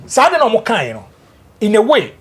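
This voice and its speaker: A man's voice: high-pitched, huge pitch swings, fairly quick. A man with a Ghanaian English accent, debating politics on a talk show and mixing in Twi. He is emphatic and keeps repeating his points. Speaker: political panelist.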